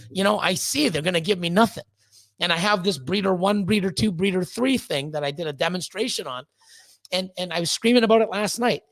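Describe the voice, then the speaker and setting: Man, gravelly fry, dry close sound, blunt, swears a lot, stumbles over repeated words. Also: high voice, no room sound. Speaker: podcast guest, snake breeder. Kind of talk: candid ranting conversation.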